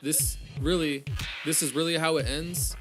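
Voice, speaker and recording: A man's voice: fairly high pitch, steady tone, measured pace, music in the background, close to an everyday voice. A man voicing a confused, grieving dead girl from a horror game, sounding bewildered.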